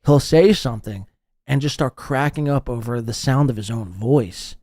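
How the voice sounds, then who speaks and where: A man's voice: medium pitch, moderate pace, mellow, no room sound, studio quality. A man hosting a podcast, ranting and mocking with profane commentary. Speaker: podcast host. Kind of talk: profane commentary over played clips.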